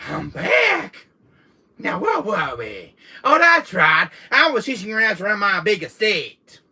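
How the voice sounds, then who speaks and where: Man doing a menacing stalker with a Louisiana accent, high, loud, bright and taunting. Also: huge pitch swings, a little slow, creaky, slightly rough, full character voice. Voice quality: loud taunting drawl, keeps saying "boy". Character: menacing Southern man stalking his prey.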